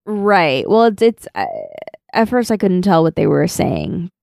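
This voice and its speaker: A woman's voice: fairly low pitch, big pitch swings, unhurried, vocal fry, darkish tone, no room sound, clean studio sound. A woman co-hosting a podcast, chatting casually and laughing as she reads out her notes. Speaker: podcast co-host. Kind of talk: casual chat recapping an anime.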